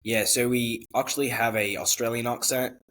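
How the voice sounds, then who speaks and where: A man as interview guest, explaining his company quickly and matter-of-factly. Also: medium pitch, level tone, a bit bright. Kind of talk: casual conversational interview.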